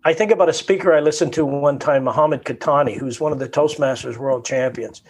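A man from Canada, a guest in a conversation, telling a story with animated energy, acting out quotes and often repeating his words. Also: mid-range voice, fast, breathy edge.

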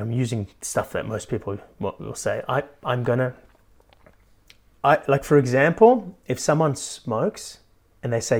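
A man's voice: medium pitch, moderate pace. Man coaching, keeps asking "right?". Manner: keeps adding "right?", animated. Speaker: life coach and podcast host. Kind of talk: motivational podcast talk.

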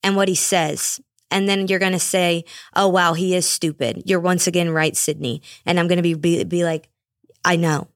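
A woman's voice: on the low side, normal speed, no echo, studio quality. Sarcastic Southern-raised woman podcast host. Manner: sarcastic, animated, mocking asides. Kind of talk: casual solo podcast rant.

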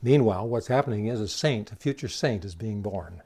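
A man preaches a sermon in a mellow, warm voice. He retells the scripture story with quoted dialogue. He keeps putting rhetorical questions to the congregation. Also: fairly low pitch, animated, a little fast, slightly rough.

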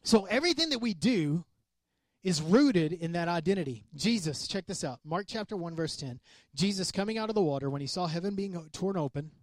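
Male pastor, sermon, high-pitched voice, dry close sound, animated and conversational. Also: brisk, no room sound. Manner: animated preaching, acts out quoted voices.

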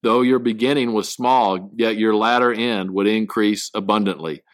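A man teaching a Bible study, reading verses aloud and then explaining them in halting, casual speech full of restarts. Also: on the low side, no room sound.

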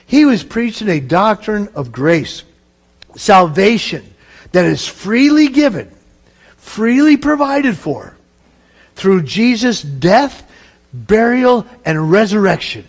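Guy preaching a sermon, pretty high voice that jumps all over, acts out the quotes. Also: takes it slowly. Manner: animated, acts out quoted voices, laughs with congregation. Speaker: pastor.

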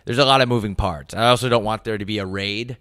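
A young man co-hosting a casual comedic podcast, animated and prone to breaking into loud, high mock voices. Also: fast, no echo, studio quality. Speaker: podcast co-host.

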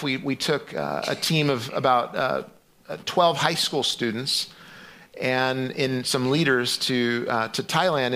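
A man's voice: medium pitch, sharp tone. A middle-aged man preaching a sermon in a loose, conversational way, with frequent restarts and fillers. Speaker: pastor.

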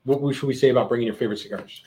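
A man hosting a casual chat show, telling stories in an animated way and acting out what people said. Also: medium pitch, very fast. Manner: animated storyteller, acts out quotes loudly. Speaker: podcast host.

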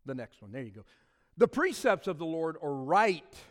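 A middle-aged man preaching a sermon, swinging between loud declarations and quiet asides. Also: a little high, sing-song, normal speed. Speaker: pastor. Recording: long reverb of a large hall.

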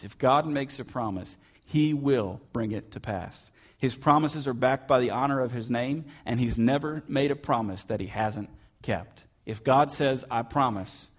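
A man preaching a sermon in a church as the pastor, in a relaxed storytelling manner with frequent fillers. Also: medium pitch.

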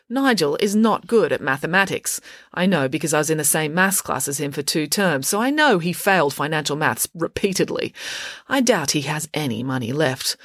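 A woman's voice: low-pitched, no room sound, clean studio sound. A woman voicing a clever, precise schoolgirl detective who reasons step by step. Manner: crisp, logical, deducing step by step.

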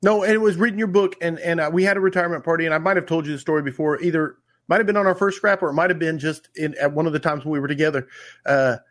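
A man's voice: a little high, steady tone, rapid-fire, a bit bright. A middle-aged man from Oklahoma hosting a fire service podcast, chatting casually and enthusiastically and reading a sponsor spot. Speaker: podcast host.

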